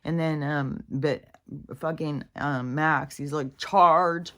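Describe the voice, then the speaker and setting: A woman's voice: low voice, steady tone, slow pace. A woman talking in a casual, rambling way, venting and swearing freely while worn out and in pain. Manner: profane, venting, full of fillers. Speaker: vlogger.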